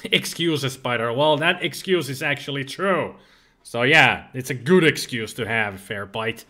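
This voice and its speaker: A man's voice: mid-range voice, measured pace, pushed and bright. A tired man casually commentating his retro gameplay on a livestream, chatty and prone to laughing, swearing and mocking the game. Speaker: livestreamer playing retro games.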